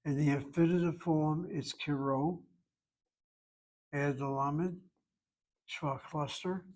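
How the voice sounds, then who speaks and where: A man's voice: on the high side, steady tone, takes it slowly, long pauses, darkish tone. A man teaching a Hebrew grammar lesson, patiently explaining verb forms and careful pronunciation.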